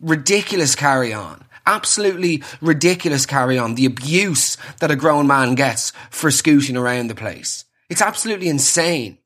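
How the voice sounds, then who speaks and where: A husky-voiced Irish man rants his way through a comic monologue, sarcastic and exasperated. His pitch sits right in the middle of the range. Every so often he slips into mocking impressions of other people. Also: expressive, moderate pace, hardly any pauses, fairly bright tone. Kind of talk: comedic monologue rant.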